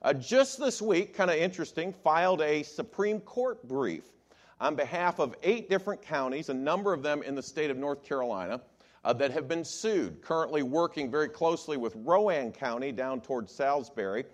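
A man's voice: on the high side, normal speed. A man who preaches as an attorney, often polling his listeners with "how many believe" questions. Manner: animated, asks the crowd show-of-hands questions. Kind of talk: sermon to a congregation.

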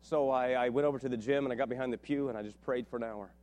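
A middle-aged man from West Virginia preaching a sermon, telling stories and rising to animated, shouted peaks. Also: medium pitch, racing. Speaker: pastor.

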